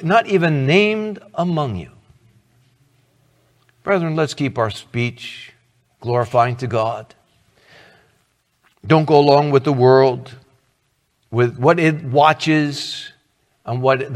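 A man's voice: a little high, in a large hall. A middle-aged man preaching a sermon as pastor, earnest and conversational, asking the congregation questions.

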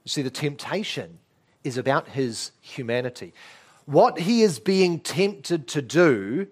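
A man preaches an expository sermon with a lively voice that swings widely in pitch. He asks rhetorical questions and leans hard on key words. His voice sits a touch higher than most men's. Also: a little slow, husky.

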